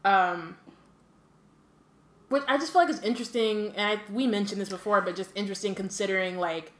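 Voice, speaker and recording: A woman's voice: medium pitch, fairly quick. A woman co-hosting a podcast, chatting casually in a rambling way with many fillers. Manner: rambling, full of "like" and "um". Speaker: podcast co-host. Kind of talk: casual chat. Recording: roomy echo.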